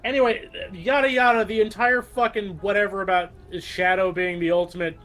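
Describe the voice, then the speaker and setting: A man's voice: sits high, fairly even intonation, a little fast, fairly bright tone, soft background music. A man in casual chat on an art stream, rambling and hesitant with many fillers.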